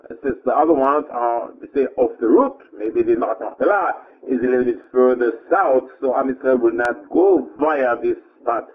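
A man gives a Torah lecture at a mid pitch, explaining Hebrew verses line by line. He often stops and restarts his sentences. The sound is narrow and tinny, like a phone line. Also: moderate pace, few pauses. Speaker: rabbi teaching Torah.

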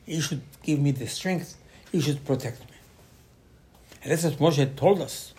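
A man teaching a Torah class as an animated story. He acts out quoted voices with sudden loud bursts and mixes Hebrew terms into his English. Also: a little high, unhurried, a little hiss or hum.

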